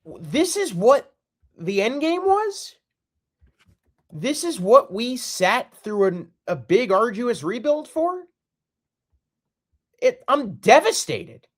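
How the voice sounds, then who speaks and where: Male podcast host, fed-up solo rant, lively swinging pitch. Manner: exasperated, repetitive, emphatic.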